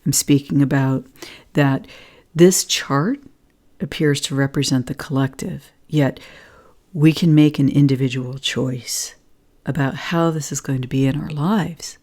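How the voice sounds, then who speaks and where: A woman's voice: very deep voice, fairly even intonation, measured pace, darkish tone. A woman vlogger giving an earnest spiritual talk and telling a personal story, at times half-whispered.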